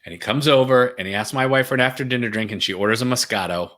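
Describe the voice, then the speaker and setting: A middle-aged man with a bright, forceful voice tells a story in a casual, animated way. He slips into comic voices for the people he quotes, then drops back to his own. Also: medium pitch, fast talker. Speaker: podcast guest.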